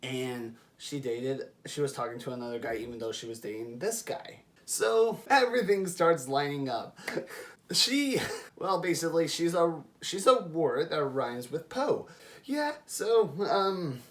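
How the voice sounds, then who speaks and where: A young adult man vlogs casually, telling a personal story in an animated, chatty way and laughing as he goes. His voice is fairly high in pitch, with a measured pace.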